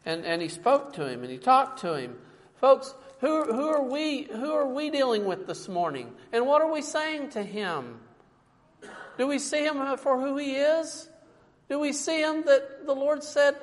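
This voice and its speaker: A man's voice: very high voice, big pitch swings, measured pace. A man preaching a sermon in a church, emphatic and fond of rhetorical questions, calling his listeners folks. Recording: long reverb from a large hall.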